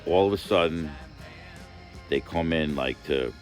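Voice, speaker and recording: A man with an extremely deep voice tells a personal story straight to his viewers. He rambles and swears freely and leans on filler phrases. He stays earnest and emphatic throughout, with soft music faintly behind him. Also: measured pace. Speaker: vlogger.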